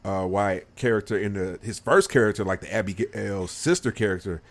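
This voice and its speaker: A man's voice: fairly low pitch, brisk. A young man co-hosting a casual podcast, laid-back and slangy, often exasperated. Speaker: podcast co-host. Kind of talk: casual wrestling podcast chat.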